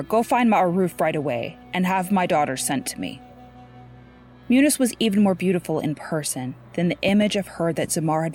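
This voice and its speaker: A woman narrating a story in a steady, even-paced scripted reading. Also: lowish voice. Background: faint music.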